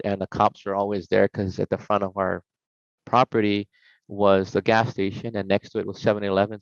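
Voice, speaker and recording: A man's voice: lowish voice, no room sound. Middle-aged man, casual podcast storyteller who acts out the voices he quotes; slightly dull, dry recording. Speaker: podcast guest.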